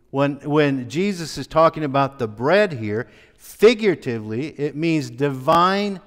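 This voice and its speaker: Slow-speaking male pastor in a reverberant hall. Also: medium pitch. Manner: slow, conversational teaching with frequent fillers and restarts. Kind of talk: sermon. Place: church sanctuary.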